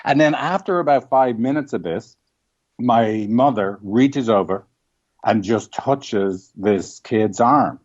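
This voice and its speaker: A man's voice: medium pitch, slow pace, darkish tone. Dublin irish guy, therapist, earnest storyteller, lots of "like" and "right?", muffled lo-fi audio. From Ireland. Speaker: couples therapist guest. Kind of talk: reflective interview talk.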